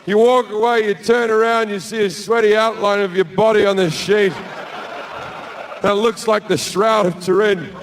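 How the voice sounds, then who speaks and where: Man, stand-up comic, brash, profane, high voice, faint room noise. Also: steady tone, normal speed, a crowd in the background. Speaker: stand-up comedian. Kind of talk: stand-up storytelling. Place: large theatre with a live audience.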